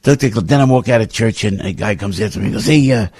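An older man hosting a radio talk show, telling anecdotes in an emphatic, repetitive, rambling way with sudden swings in pitch. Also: fairly quick, darkish tone, breathy edge, no echo, studio quality. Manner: emphatic, repetitive, restarts often. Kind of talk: rambling opinion monologue with anecdotes.

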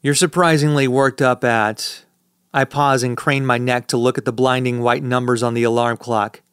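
A man's voice: medium pitch, little pitch movement, moderate pace, clean tone, no echo. A man narrating a first-person audiobook in a dry, sardonic manner, recorded on a close studio mic.

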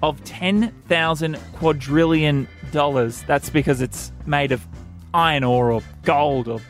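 A wisecracking man hosts a comedic radio show from the studio, his voice sitting a little high for a man. He jokes with quick delivery, and faint music runs softly beneath him. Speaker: radio host.

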